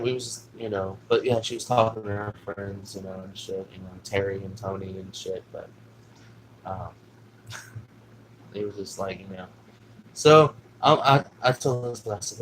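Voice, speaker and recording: On poor audio with a little hiss or hum, a man with a lowish voice tells a personal story. He rambles casually, swears often, and fills gaps with "you know what I'm saying."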